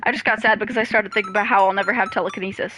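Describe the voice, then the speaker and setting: A woman voicing a deadpan, sardonic teenage daughter in a game, in close to her own voice. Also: mid-range voice, very fast, music in the background, natural voice.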